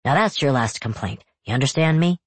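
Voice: mid-range voice, animated, brisk, breathy edge, no echo. A narrator voicing a strict father who scolds his daughter, firm and lecturing. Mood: stern. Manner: stern, scolding. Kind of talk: audiobook character voice.

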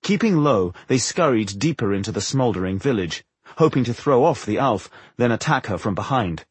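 A man narrating a fantasy novel as an audiobook, telling it in an expressive way. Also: mid-range voice, moderate pace, slightly rough, no room sound. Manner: expressive storytelling.

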